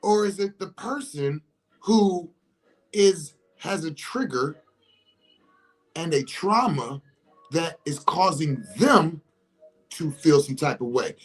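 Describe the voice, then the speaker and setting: A man's voice: fairly high pitch, lively intonation, slow, long pauses, husky, faint music behind, poor audio. A man, talking in a casual monologue and acting out scenarios with rhetorical questions. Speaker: commentator.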